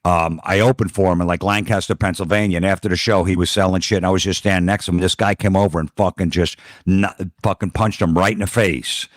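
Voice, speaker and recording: Deep-voiced man telling stories. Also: fast, few pauses, dry recording, clean studio sound. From New Jersey. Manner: blunt, profane, deadpan anecdotes. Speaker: comedian guest. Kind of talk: casual podcast storytelling.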